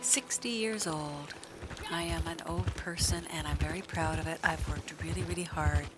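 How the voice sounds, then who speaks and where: A woman in her late fifties, streaming a game and chatting in a soft, half-whispered, slow and gentle way. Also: sits low, over loud music, rough recording. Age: 50s. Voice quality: even, gentle delivery. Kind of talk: casual chat while gaming.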